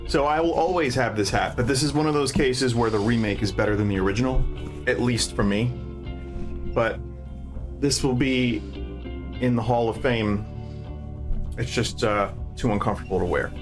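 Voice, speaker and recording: A man with a mid-pitched voice unboxing a package on video. He jokes and reads the labels aloud in a deadpan way, with music clearly audible behind him. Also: moderate pace, long pauses. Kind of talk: casual unboxing vlog.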